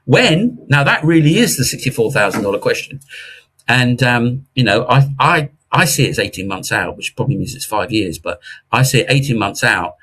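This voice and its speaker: Husky, animated male market commentator. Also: mid-range voice, normal speed. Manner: animated, jokey, restarts with mocking asides. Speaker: investment commentator guest. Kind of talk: casual interview talk.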